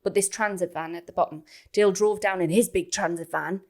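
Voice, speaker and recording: A woman co-hosting a podcast, telling a story in a casual, animated way and acting out other people's lines. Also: lowish voice, fairly quick. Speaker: podcast co-host.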